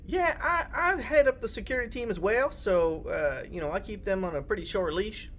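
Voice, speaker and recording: A woman voicing a lonely, paranoid male security chief with a Pennsylvania accent, talking in a gruff, folksy way. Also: medium pitch, expressive, normal speed, a little hiss or hum, voice pushed up, close to an everyday voice.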